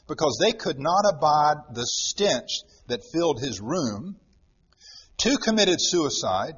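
A man's voice: fairly high pitch, a bit bright, husky. A man preaching a sermon dramatically, repeating words for emphasis, recorded in a church. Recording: dull lo-fi sound with long hall reverb.

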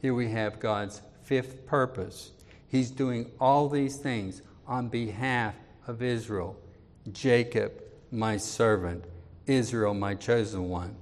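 A man preaching an expository sermon, reading scripture aloud with more force and dropping low and quiet when he appeals to his listeners. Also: fairly even intonation, slow, big-room sound. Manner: reads scripture louder, drops low and quiet for personal appeals.

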